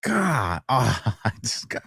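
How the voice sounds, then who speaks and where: Male livestream host, low and lively voice, dry close mic, teasing and quick to laugh. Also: no echo. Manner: animated, teasing, laughs often. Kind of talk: casual livestream talk.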